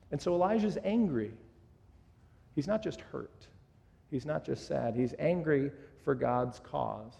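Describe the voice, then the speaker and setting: A man's voice: on the high side, lively intonation, measured pace, gravelly, dark tone. A man preaching a sermon in an earnest, teaching way, often restarting his phrases. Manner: earnest, with frequent restarts and "kind of". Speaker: pastor. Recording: echoey hall.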